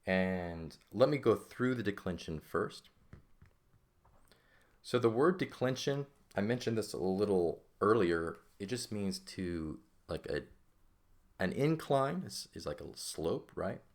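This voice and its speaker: Dude with a super low voice teaching greek grammar, keeps asking right?. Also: male voice, lively intonation, slow pace. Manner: explains step by step, often checks with "right?". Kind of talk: classroom lecture.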